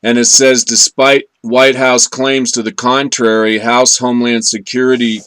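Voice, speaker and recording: A man's voice: mid-range voice, flat delivery, unhurried, a bit bright, clear, resonant tone, no room sound. A man hosting a casual political commentary show, enthusiastic, stumbling over restarts. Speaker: show host.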